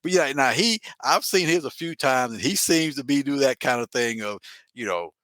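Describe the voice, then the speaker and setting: A man's voice: medium pitch, expressive, moderate pace, a bit bright, no room sound. Chuckling man in easy banter. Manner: laughs often, uses a lot of "you know". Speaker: podcast co-host. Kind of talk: casual chat.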